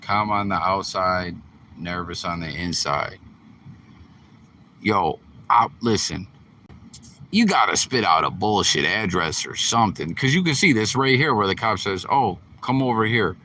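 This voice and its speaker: A low, bright-toned man riffs on a video in loose, profanity-laced commentary. He rambles and talks straight to his audience like a friend, with a faint hiss behind him. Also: unhurried. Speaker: host. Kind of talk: casual reaction commentary.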